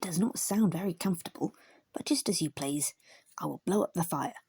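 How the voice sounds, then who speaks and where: A woman voicing a cheerful, chatty male terrier blacksmith in a storybook reading, brisk and merry. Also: on the low side, lively intonation, dark tone, slightly rough, no echo, studio quality, exaggerated voice.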